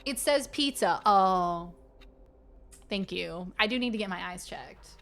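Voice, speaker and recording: A woman streaming a game and chatting casually with her viewers, playful and quick to slip into silly voices. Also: mid-range voice, animated, gravelly, a bit bright. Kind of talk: casual live-stream chat.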